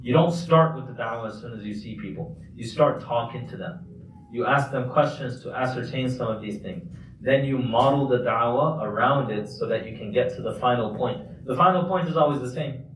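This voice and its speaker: A man's voice: medium pitch, normal speed. A man giving a casual, conversational Quran lesson at a mosque, explaining points with loose restarts. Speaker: mufti teaching a class. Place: large mosque hall. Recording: echoey hall, distant mic, faint noise.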